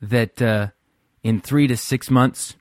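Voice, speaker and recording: A man's voice: mid-range voice, steady tone, takes it slowly, dry recording, studio quality. A man from Central California hosting his own podcast, talking at home in a wry, self-deprecating, rambling way. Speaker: podcast host. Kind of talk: casual solo podcast monologue.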